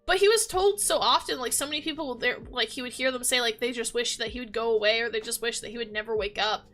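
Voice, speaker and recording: Over faint background music, a fast-talking woman with a fairly bright, higher voice rambles through a casual gaming vlog chat. She gushes a lot and fills her speech with fillers.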